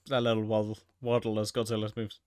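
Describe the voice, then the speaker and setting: A man giving casual, joking movie commentary, swearing freely and reacting loudly to the action. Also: lowish voice, fast, clear, resonant tone, no room sound, clean studio sound. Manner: jokey, profane, excitable.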